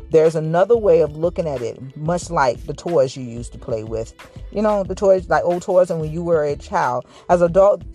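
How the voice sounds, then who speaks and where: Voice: mid-range voice, dark tone. A vlogger giving a casual, reflective motivational talk to viewers, rambling with frequent restarts and a slight stutter. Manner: says they stuttered in school.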